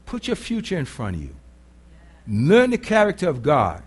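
A man with a notably high-pitched voice preaches a sermon. He speaks bluntly and casually, with earthy phrasing, and keeps checking in with the congregation through rhetorical questions. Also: wildly swooping pitch, normal speed, slightly rough. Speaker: pastor.

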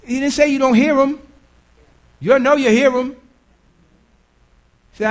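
A man's voice: very high voice, steady tone, unhurried. A man preaching a sermon in a conversational way, quizzing the congregation and often repeating his words.

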